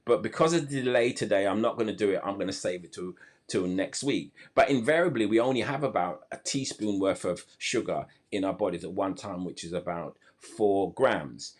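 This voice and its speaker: A man's voice: fairly low pitch, brisk. A man hosting a live health podcast over a video call, talking enthusiastically and often restarting his sentences. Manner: enthusiastic, many restarts and fillers. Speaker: podcast host.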